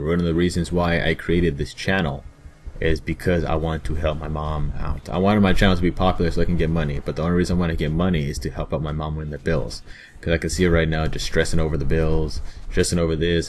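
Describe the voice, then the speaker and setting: A young man with a very low voice talks casually to his viewers as a gaming vlogger. He rambles and restarts often, halting between thoughts. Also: slight background noise. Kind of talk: casual vlog talk to viewers.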